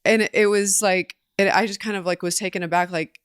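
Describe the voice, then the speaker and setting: A woman co-hosting a podcast, talking in a reflective, halting way with many restarts. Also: mid-range voice, fairly even intonation, clean tone, dry recording, clean studio sound. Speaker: podcast co-host. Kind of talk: casual conversation.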